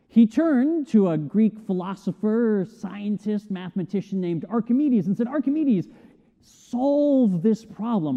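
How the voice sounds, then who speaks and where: Animated man preaching in an echoey hall. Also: high-pitched. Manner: animated storytelling, acts out shouted quotes. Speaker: pastor. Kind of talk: sermon. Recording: tinny phone-like sound with long hall reverb.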